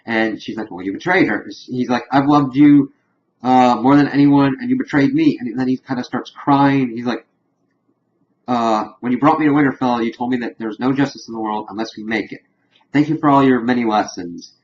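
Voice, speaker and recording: Young male TV reviewer, casual recap style, mid-pitched voice, slightly muffled audio. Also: brisk. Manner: animated retelling, lightly acting out characters' lines. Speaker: TV show reviewer.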